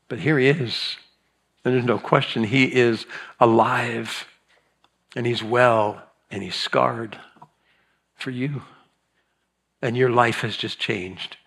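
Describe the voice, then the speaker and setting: A man's voice: medium pitch, fairly even intonation, slow pace, creaky, long pauses, a bit bright, breathy edge. A middle-aged man preaching a chatty sermon, telling stories with playful asides and drawing the congregation in. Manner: chatty storytelling with playful asides and audience prompts. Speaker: pastor. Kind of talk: conversational sermon.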